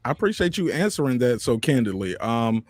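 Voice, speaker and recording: A man's voice: medium pitch, sing-song, brisk, dry recording, studio quality. A man co-hosting an interview, asking questions in a playful, hyping, pushy way. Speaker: co-host interviewer. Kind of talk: casual interview chat.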